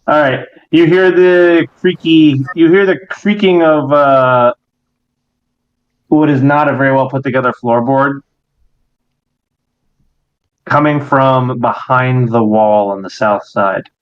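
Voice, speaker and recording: Game master, male, middle-pitched, improvising with plenty of hesitations; muffled recording. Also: steady tone, slow pace, long pauses, clear, resonant tone. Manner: hesitant, lots of fillers while improvising. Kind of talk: narrating a tabletop game.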